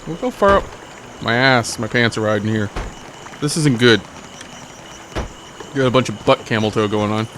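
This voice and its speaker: A man's voice: mid-range voice, moderate pace, pauses often, a bit bright, a little hiss or hum. A man giving rambling, joking, self-mocking commentary while he plays a game. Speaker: let's play host. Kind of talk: gameplay commentary.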